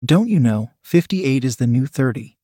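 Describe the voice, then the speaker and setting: A man's voice: mid-range voice, animated, normal speed, warm tone, no room sound, lightly acted. A sweet-talking older husband in a storybook reading, fond and teasing, with an ordinary mid-range voice, played by the male narrator. The sound is dry and close. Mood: tender.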